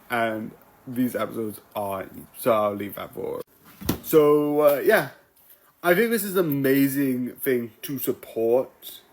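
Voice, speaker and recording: A man from Britain reviewing a show in a casual vlog, rambling with many fillers and restarts. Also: medium pitch. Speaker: video reviewer and streamer.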